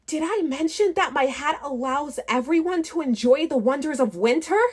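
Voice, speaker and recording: A woman's voice: high voice, lively intonation, normal speed. A woman doing a sweet cheerful fairy. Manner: gentle and sweet. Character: kind, cheerful young female winter fairy.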